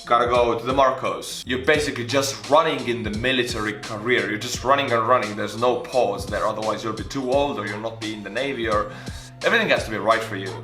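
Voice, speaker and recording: A man in his twenties from Estonia, hosting a casual, playful reaction video with jokey shout-outs. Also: fairly low pitch, steady tone, quick pace. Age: 20s. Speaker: YouTube host reacting to a video. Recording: roomy echo with faint music.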